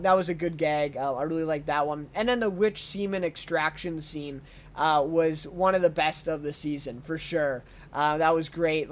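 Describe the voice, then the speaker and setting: Man, higher-pitched voice, casual review, excited, lots of filler words. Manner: enthusiastic, many ums and uhs. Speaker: TV show reviewer.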